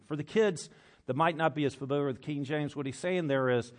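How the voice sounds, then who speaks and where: Speaking a little quickly in a fairly high voice, this pastor gives a relaxed, conversational sermon to his congregation at church. He often corrects himself by starting phrases over, and he reads aloud from old scripture.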